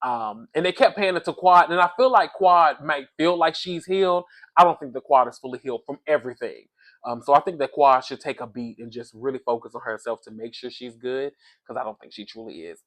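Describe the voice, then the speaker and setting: A man giving a casual, animated recap of a reality show, talking straight to his viewers and often adding "allegedly". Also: mid-range voice, brisk. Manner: animated, talks to the audience as "y'all", says "allegedly" often. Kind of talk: casual commentary.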